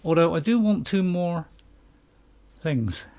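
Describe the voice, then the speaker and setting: Excitable man commentating his gameplay. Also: a little high, slow. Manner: excitable, talks to himself, swings between panic and calm. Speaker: gaming channel host.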